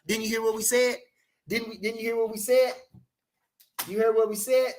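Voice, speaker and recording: High-voiced chatty boxing streamer. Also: male voice, flat delivery, normal speed, a bit bright. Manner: loose, repetitive, slangy, repeats phrases for emphasis. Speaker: boxing livestream host. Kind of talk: casual livestream chat reading comments.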